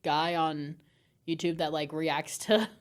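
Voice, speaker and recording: A woman's voice: low-pitched, level tone, takes it slowly. A woman co-hosting a book-discussion podcast, chatting casually and laughing often. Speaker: podcast co-host. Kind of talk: casual book-club chat.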